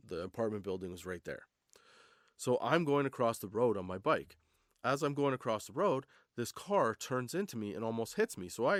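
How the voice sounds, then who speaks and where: A man's voice: medium pitch, no room sound, studio quality. A young man hosting a comedy podcast, telling a story casually, laughing often and swearing freely. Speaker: podcast host.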